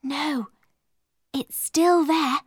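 A woman voicing a gentle, hopeful young girl, speaking softly and slowly, often near a whisper. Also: sits high, dry recording, clean studio sound, pitched above the performer's own voice. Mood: tender. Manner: soft, slow, often hushed.

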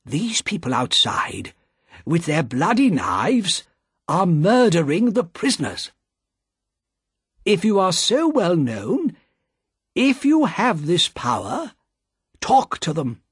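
A man's voice: high-pitched, very animated, slow, pauses often, fairly bright tone, husky, dry recording, studio quality, pitched above the performer's own voice, full character voice. A man voicing an anxious elderly male banker in an audiobook, urgent and pleading.

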